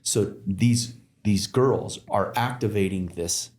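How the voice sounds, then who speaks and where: A man's voice: fairly low pitch, takes it slowly, a little mellow. A man talking as a podcast guest, telling stories in a rambling way with many fillers and restarts. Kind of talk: casual conversation. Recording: roomy echo.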